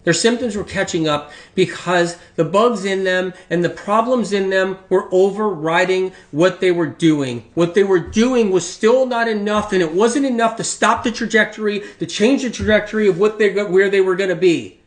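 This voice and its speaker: A man's voice: sits high, moderate pace, hardly any pauses, roomy sound. A man giving an informal health talk in an emphatic, repetitive and rambling way. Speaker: health speaker.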